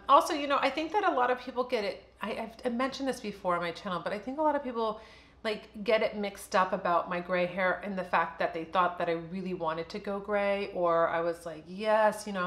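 A woman's voice: medium pitch, brisk, a bit bright, roomy sound. A woman in her fifties talking candidly and casually to camera as a beauty vlogger, chatty and full of fillers.

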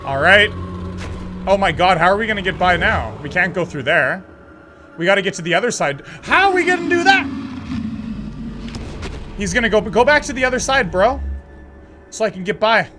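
Excitable high-voiced gaming commentator. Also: male voice, fairly quick, music in the background. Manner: excitable, joking, talks to the screen. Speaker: gaming channel host. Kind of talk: let's play commentary.

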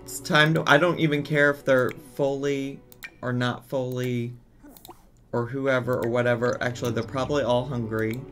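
A man's voice: medium pitch, steady tone, moderate pace, fairly bright tone, faint music behind. A man giving casual let's-play commentary as a gaming streamer, exasperated and bossing his game characters around.

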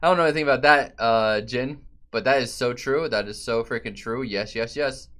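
A man streaming a game and chatting loosely with his viewers, profane and given to sudden loud outbursts. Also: mid-range voice, fairly quick. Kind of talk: casual live-stream chat.

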